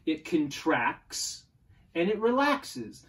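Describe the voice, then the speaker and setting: A man, a poet, giving a playful home video lesson on poetry and chanting rhythms aloud in an animated way. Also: on the high side, unhurried, far from the mic.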